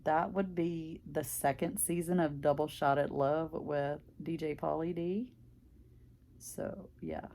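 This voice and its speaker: Casting: older Southern woman, thick country accent, low gravelly voice, chatty craft vlogger. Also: warm tone, a little hiss or hum. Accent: deep Southern US country. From Mississippi, US. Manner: rambling, chatty, filler-heavy. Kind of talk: casual chat while stitching.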